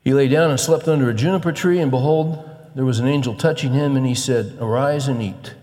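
A man's voice: quick pace, a little mellow, big-room sound. A male pastor preaching a conversational sermon, moving from casual asides to emphatic encouragement. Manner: conversational, rising to emphatic urging, with quoted scripture read low.

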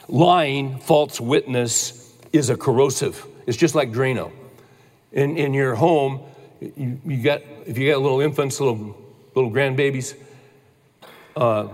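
A man in his sixties, a pastor telling a family story in a sermon, with slow emphatic declarations. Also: mid-range voice. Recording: long church-hall reverb.

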